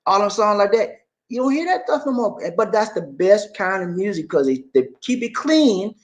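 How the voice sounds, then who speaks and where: A livestream host chats casually with his audience, welcoming people and reading comments out loud in an emphatic, lively way with repeated phrases. His voice is high and his pace brisk.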